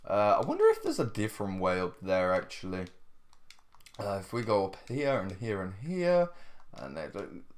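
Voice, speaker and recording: A man's voice: low-pitched, huge pitch swings, normal speed. Tired, chatty man narrating gameplay. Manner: chatty, keeps addressing viewers, laughs often. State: tired and yawning. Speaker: gaming video host. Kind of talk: casual gameplay commentary.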